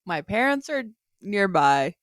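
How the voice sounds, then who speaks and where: A woman co-hosting a casual podcast from her bedroom, speaking quietly and giggling often. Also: mid-range voice, very animated, measured pace, dry recording, clean studio sound. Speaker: podcast co-host. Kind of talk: casual chat.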